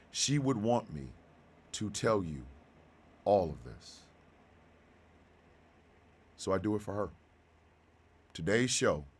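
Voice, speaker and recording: Man in his fifties, deep voice, heartfelt halting talk, radio host. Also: slightly rough. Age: 50s. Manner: heartfelt, slow and halting, then bursts of loud excitement. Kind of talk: emotional monologue.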